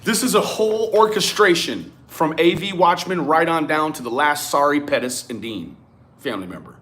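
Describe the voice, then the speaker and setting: A man giving a profane, animated rant to his viewers. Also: on the high side, moderate pace, a little hiss or hum. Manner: animated, swearing, talks straight at viewers. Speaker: commentary vlogger. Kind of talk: profane ranting commentary.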